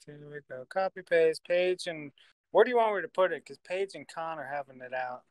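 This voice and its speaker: A man's voice: on the high side, a little fast, clear, resonant tone, no room sound, rough recording. Guy joking around and cussing on a stream, dry close mic, fiddling with his computer. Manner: joking, swears freely, mutters while fiddling with a computer. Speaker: host. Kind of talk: casual banter on a livestream.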